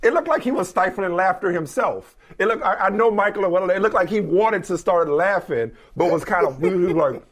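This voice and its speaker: A man hosting a sports debate show, animated and quick to laugh. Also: high voice. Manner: animated, laughing, rapid back-and-forth. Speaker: host.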